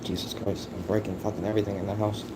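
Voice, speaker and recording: A tired man chatting casually and profanely on a late-night livestream from his phone at home, with sudden loud, excited outbursts. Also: lowish voice, racing, very noisy. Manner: loose, profane, laid-back talk with sudden loud excited bursts. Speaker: live streamer.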